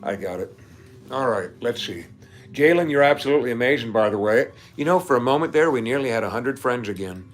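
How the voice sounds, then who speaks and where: Soft music plays behind this livestream host, a man with a medium-pitched voice who chats quickly and animatedly with his viewers. Reading their comments aloud, he wanders into geeky side topics and laughs often.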